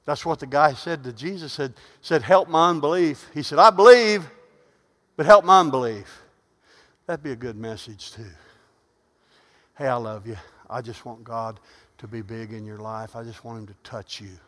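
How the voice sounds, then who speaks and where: A middle-aged male pastor preaching a sermon, telling stories in a soft voice and then rising to loud, fervent calls. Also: mid-range voice, normal speed, in a large hall. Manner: swings from loud preaching to quiet storytelling. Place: church.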